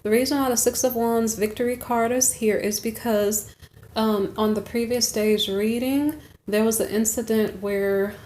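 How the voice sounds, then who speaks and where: A woman's voice: mid-range voice, a little mellow. A woman giving a chatty, rambling tarot reading, checking in with "okay?" between asides. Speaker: tarot reader. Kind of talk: casual tarot reading monologue.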